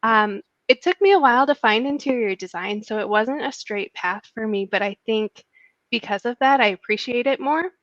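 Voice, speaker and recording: A woman's voice: fairly high pitch, animated, moderate pace, a bit bright, no room sound. Giggly woman guest, dull dry sound. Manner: giggly, friendly, rambling storyteller. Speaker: interior designer, guest. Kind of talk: casual interview chat.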